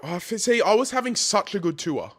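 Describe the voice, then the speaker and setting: Lively, swearing Australian guy. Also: high-pitched, a little fast, slightly rough, no room sound, clean studio sound. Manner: animated, swears a lot, keeps saying bro. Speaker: podcast co-host. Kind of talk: casual chat.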